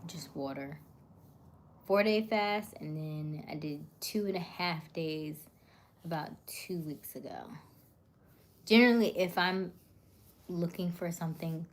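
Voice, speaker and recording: A woman with a very low voice talks through a relaxed live-stream chat in a soothing, warm and calm way. She often lets her words fall to a near whisper. Faint background noise sits under her voice. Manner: soft-spoken, often dropping to a near whisper. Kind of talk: casual live-stream chat reading viewer comments.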